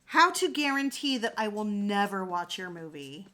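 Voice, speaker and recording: A woman in a casual live-stream chat, talking straight to her viewers in an animated way and swearing freely. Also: mid-range voice, normal speed, faint music behind.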